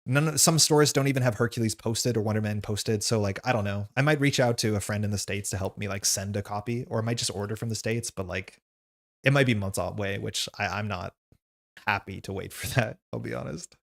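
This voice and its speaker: A man's voice: fairly low pitch, fairly quick, gravelly. A young man chatting casually on a livestream, reading chat questions aloud and rambling with lots of "like". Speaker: streamer host reading chat.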